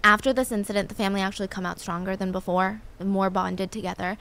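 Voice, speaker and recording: A woman's voice: medium pitch, fast talker. A young woman telling a true story in a chatty, casual way, acting out the quotes in the same voice. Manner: chatty, animated, acts out quotes. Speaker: storytelling video host.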